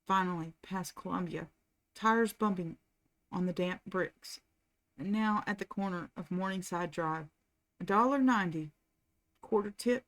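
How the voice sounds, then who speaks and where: A woman's voice: lowish voice, a little slow, a bit bright. Woman reading a novel aloud. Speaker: channel host reading aloud.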